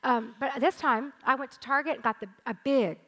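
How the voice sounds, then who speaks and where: High-voiced woman pastor in her sixties. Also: normal speed, poor audio. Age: 60s. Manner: animated, emphatic preaching with rising intensity. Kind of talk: sermon. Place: church stage.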